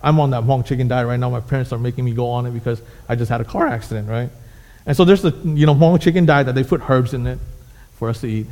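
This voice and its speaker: A man's voice: medium pitch, fast, a little mellow. A man preaching a sermon, telling a fable with emphatic, repetitive phrasing. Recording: echoey hall.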